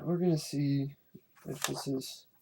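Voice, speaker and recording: A young man giving a casual, exasperated film commentary, animated and swearing freely. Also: medium pitch, measured pace, vocal fry, noisy background. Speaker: film reviewer.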